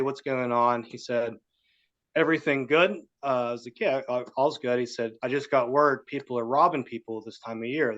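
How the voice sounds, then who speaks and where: A man from West Virginia tells his story as a podcast guest, mid-pitched and lively, slipping into the voices of the people he quotes. His audio sounds dull and lo-fi. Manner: animated storyteller acting out quotes. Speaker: guest, cannabis grower. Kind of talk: casual storytelling.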